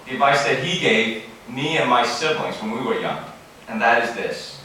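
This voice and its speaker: Speaking at a moderate pace in an expressive, pushed, bright mid-range voice, the keynote speaker, a man in his forties, gives earnest advice at a formal banquet, adding asides and correcting himself. The large hall echoes heavily, the mic is far off, and faint room ambience comes with a little hiss or hum.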